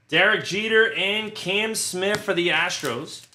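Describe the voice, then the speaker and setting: A crude, joking man hosting a card break and rattling off player names. His voice is bright and a little high, with a roomy echo and faint noise behind him. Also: slow pace. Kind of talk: casual live card-break chat.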